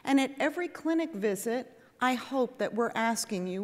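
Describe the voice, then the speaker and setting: A woman nurse practitioner giving a lively, conversational lecture to a patient audience and acting out exchanges with patients. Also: a little high, normal speed, few pauses. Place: conference hall with audience. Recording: echoey hall.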